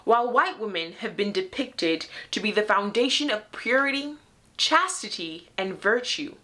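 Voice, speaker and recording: A woman's voice: mid-range voice, animated, normal speed, bright, forceful tone. A young woman hosting her own show, speaking straight to viewers in an emphatic, fed-up commentary full of pointed rhetorical questions. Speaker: host of her own video series. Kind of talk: direct-to-camera commentary.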